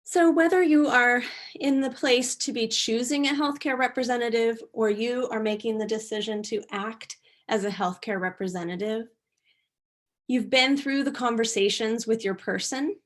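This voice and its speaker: A middle-aged woman presenting an online workshop, speaking in a gentle, earnest way with frequent restarts. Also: on the high side, normal speed.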